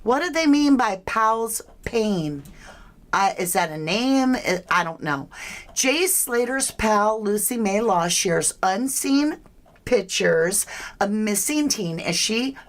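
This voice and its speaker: Slow-talking woman hosting a crime livestream. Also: mid-range voice, animated. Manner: chatty, thinking aloud, frequent asides. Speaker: true crime livestream host. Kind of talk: casual livestream chat.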